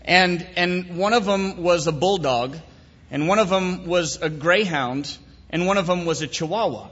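Preacher guy, high voice, folksy rambling story then solemn prayer, muffled echoey hall. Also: a little slow, a bit bright, husky. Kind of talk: sermon with a comic story and prayer. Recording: dull echoey hall recording.

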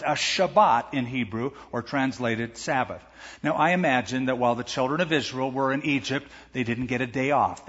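Husky-voiced male pastor preaching in a hall. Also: mid-range voice, a bit bright. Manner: conversational expository preaching with asides. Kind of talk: sermon. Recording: echoey hall, dull lo-fi sound.

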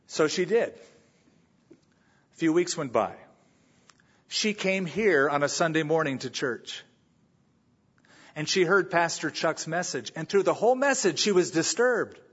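A man's voice: fairly high pitch, expressive, measured pace, long pauses, fairly bright tone, breathy edge, lo-fi sound. A man preaching a sermon as pastor, telling stories and acting out the people he quotes. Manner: storytelling, acts out quoted voices. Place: church sanctuary.

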